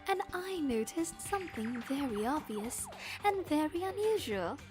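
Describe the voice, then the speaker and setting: A woman voicing a calm, composed teenage girl gambler in a soft, light, measured voice. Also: sits high, over music.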